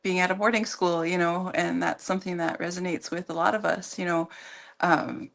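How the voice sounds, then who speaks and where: A woman talking as a guest on a radio show in a casual, halting way, with many fillers and restarts. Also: fairly low pitch, little pitch movement, creaky, a bit bright. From Minnesota. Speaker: guest, community organization leader.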